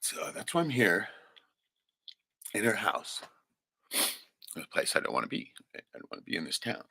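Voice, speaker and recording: A man with a low, gravelly voice pours out an emotional, unscripted livestream monologue. His delivery is raw and profane, with a husky edge and lively swings in pitch. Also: no room sound. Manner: profane and raw, with frequent "right?" tags. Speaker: livestream host.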